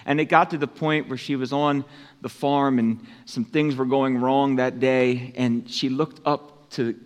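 A man preaching a sermon as pastor, in an unhurried, conversational way that lifts for emphasis. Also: medium pitch. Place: church sanctuary. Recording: long church hall reverb.

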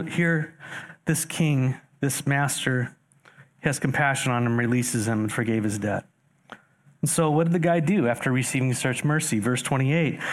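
Here a pastor with a rather high voice is preaching, reading scripture passages aloud and unpacking their meaning. He talks right to the congregation, punctuating points with animated upward inflections and rhetorical questions.

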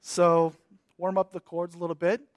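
A man preaching a sermon as pastor, emphatic, swinging from loud declarations to hushed lines. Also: high-pitched, completely flat delivery, normal speed, dry recording, clean studio sound.

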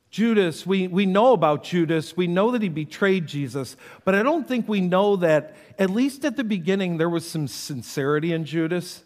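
Dramatic pastor preaching in a reverberant hall. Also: male voice, a little high. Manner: dramatic storytelling, acting out quoted voices, swings from loud to hushed. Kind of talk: sermon.

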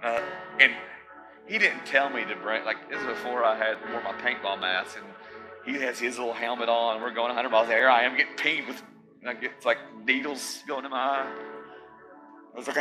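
A man preaching a sermon in a conversational, animated way, mixing scripture with casual asides. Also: mid-range voice, brisk, faint music behind, poor audio.

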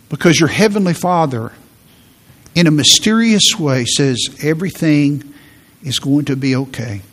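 A middle-aged man preaching a sermon as pastor, earnest, often repeating phrases and slowing down for emphasis. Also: a little high, fairly bright tone.

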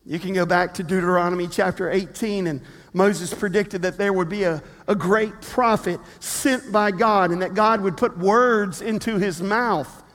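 A man preaching a sermon as a pastor, telling a story in a lively way with humorous asides. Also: high-pitched, normal speed, few pauses. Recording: long reverb of a large hall.

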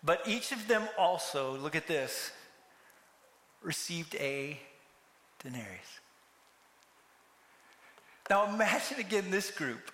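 A man's voice: high voice, lively intonation, measured pace, pushed and bright. A man preaching a sermon, telling a story and acting out the characters' lines. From United States. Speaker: pastor. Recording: echoey hall with long reverb.

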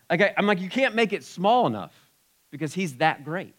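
A man preaching a sermon in a church, moving from soft asides to loud exclamations. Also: a little high, moderate pace. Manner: animated, swings from soft asides to loud shouts. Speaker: pastor.

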